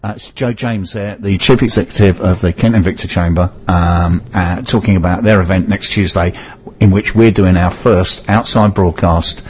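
A man's voice: deep voice, fairly even intonation, normal speed, darkish tone, highs cut off, slight background noise. A middle-aged man with a Cockney accent hosting a radio show, chatty and self-mocking. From London. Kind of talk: casual radio chat.

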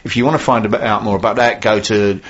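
A man hosting a business radio show, reading news items in a brisk, jokey way. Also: on the low side, fairly even intonation, lo-fi sound. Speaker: radio host.

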